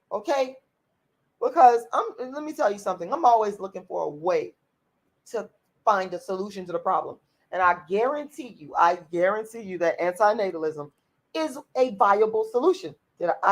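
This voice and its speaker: A woman's voice: fairly high pitch, low-quality recording. A woman hosting her channel, talking straight to viewers in a casual, emphatic commentary and repeating her points to drive them home. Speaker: channel host.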